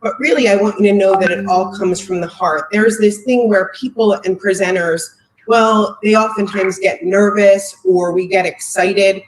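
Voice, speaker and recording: A woman speaks on a video call, presenting to a live audience with heartfelt emotion, close to choking up. Her voice sits at a middle pitch. Faint noise hangs behind her. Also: steady tone, normal speed, reverberant, low-quality recording. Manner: heartfelt, emotional, near tears. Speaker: company marketing executive presenting.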